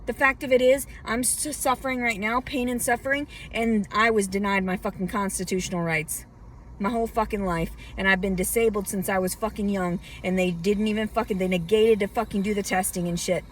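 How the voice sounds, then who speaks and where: A woman's voice: mid-range voice, fairly even intonation, fairly quick. A woman vlogger venting to camera from inside her car, ranting angrily with heavy swearing. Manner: agitated, heavily profane ranting. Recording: distant mic with faint car noise.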